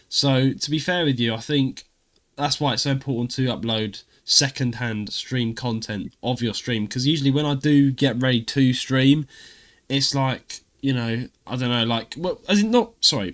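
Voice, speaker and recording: A man chatting on a gaming podcast, rambling through long stories full of fillers and restarts. His pitch swings widely and lively as he talks. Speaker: podcast co-host and streamer. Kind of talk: casual chat.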